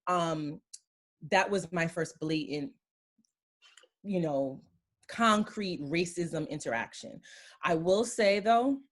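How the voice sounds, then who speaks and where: A woman from Queens in her thirties recounts her experiences as a guest, speaking in a notably low register. She tells her stories by acting out the exchanges in a casual conversational way. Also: animated, slow pace, long pauses. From Queens, New York. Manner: storytelling, acting out quoted exchanges.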